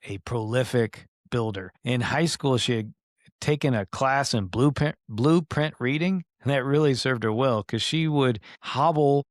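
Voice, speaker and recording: A man's voice: mid-range voice, measured pace, no echo, studio quality. Casual, hesitant male podcast host. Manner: conversational, with hesitations and self-corrections. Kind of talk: casual storytelling.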